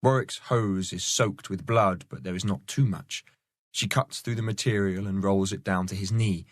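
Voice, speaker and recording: A man narrating a novel in a measured, even storytelling voice. His pitch sits low, and the recording is dry and close, with no room sound. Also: dry recording. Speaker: audiobook narrator. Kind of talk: scripted narration.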